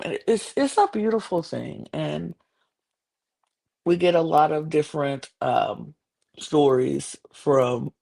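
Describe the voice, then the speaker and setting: A woman loosely recaps a show on her podcast, rambling with lots of fillers and restarts. Her bass voice is a little mellow, with a gravelly fry.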